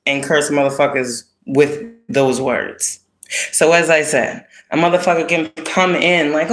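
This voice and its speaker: A woman's voice: sits low, lively intonation, fairly quick. A woman giving a casual spiritual card reading, talking bluntly with heavy profanity and streetwise slang. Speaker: spiritual reader. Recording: roomy echo.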